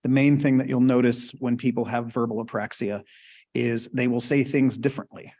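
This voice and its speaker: A man presents a webinar talk in an easy conversational way. He explains as he goes, keeps asking "right?" and invites the audience to call out answers. His voice sits at a middle pitch. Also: steady tone, moderate pace, a little mellow. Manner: explains casually, checks in with frequent "right?", asks the audience questions. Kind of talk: conversational lecture.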